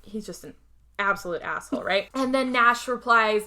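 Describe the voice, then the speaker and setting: Woman host, bright and animated, casual, a bit foul-mouthed. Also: fairly high pitch, normal speed, slight background noise. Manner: animated, swears freely, acts out quotes. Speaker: podcast host. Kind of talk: casual movie recap.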